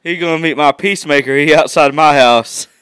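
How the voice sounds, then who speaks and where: A man, co-hosting a casual podcast with animated, laughing, swearing banter. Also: on the high side, brisk, clear, resonant tone, no echo. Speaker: podcast co-host. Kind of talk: casual chat.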